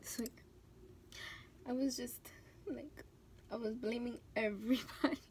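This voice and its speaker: A young woman speaks in a slightly high voice, tearful and close to crying, with halting restarts and many fillers. She talks while doing a makeup tutorial. A faint hiss sits under her voice. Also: fairly even intonation, darkish tone. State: close to tears. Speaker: beauty vlogger. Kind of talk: emotional talk during a makeup tutorial.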